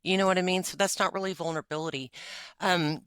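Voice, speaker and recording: Woman in her 40s, confessional podcast co-host, crisp bright tone, dry close mic. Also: fairly low pitch, steady tone, fast talker, dry recording. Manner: emotional, confessional, with frequent fillers and laughs. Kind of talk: candid personal conversation.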